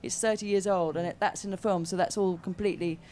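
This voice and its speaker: A woman's voice: mid-range voice, fairly even intonation, fast, warm tone, a little hiss or hum. Chatty woman telling an anecdote. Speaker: interview guest. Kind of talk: anecdotal interview chat.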